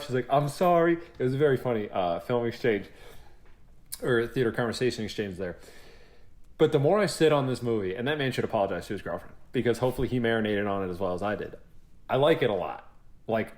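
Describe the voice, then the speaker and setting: A young man co-hosting a podcast, chatting casually and acting out what people said, with some swearing. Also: medium pitch. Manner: animated storyteller, acts out quotes, swears freely. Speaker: podcast co-host. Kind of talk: casual chat.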